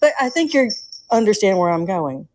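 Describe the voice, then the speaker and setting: A woman's voice: medium pitch, sing-song, moderate pace, darkish tone, poor audio. Chatty Southern woman caller from Atlanta. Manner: chatty, earnest storytelling. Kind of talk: casual call-in chat.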